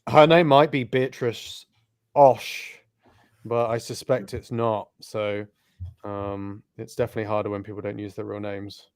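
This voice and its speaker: A man's voice: lowish voice, steady tone, measured pace, clean tone. A man co-hosting casual live commentary on an online cycling race, bantering with dry humor.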